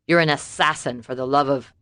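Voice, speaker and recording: A woman's voice: extremely low pitch, fairly even intonation, a little fast, a bit bright, no room sound, studio quality. A woman voicing a cold, threatening male crime boss in clipped lines, for an audiobook. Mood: angry.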